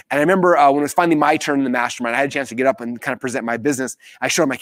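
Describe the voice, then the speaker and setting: A man hosting a live business training, telling a story with animated acted-out quotes. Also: racing, few pauses, dry recording, clean studio sound. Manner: animated storytelling, acts out quotes with big pitch jumps.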